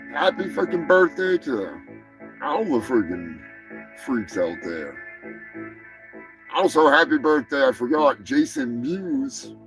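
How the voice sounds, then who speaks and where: A man hosting a live stream, rambling and swearing casually while high. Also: a bit bright, rough recording. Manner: rambling, profane, laid-back. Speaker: host.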